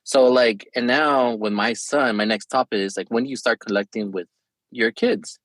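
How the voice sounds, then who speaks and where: Male co-host, average pitch, dry room, relaxed chatty tone. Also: normal speed, no room sound, low-quality recording. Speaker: podcast co-host. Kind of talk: casual chat.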